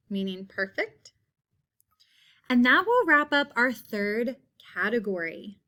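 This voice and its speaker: Slow, patient woman teaching phonics. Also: fairly high pitch, sing-song, bright, forceful tone. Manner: slow, drawn-out repeating of word sounds. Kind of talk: phonics lesson for young children.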